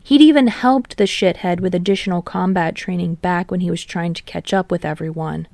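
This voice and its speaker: A woman reading fan fiction aloud in steady storytelling narration. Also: on the low side, a little fast, vocal fry, dry recording. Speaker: podfic reader.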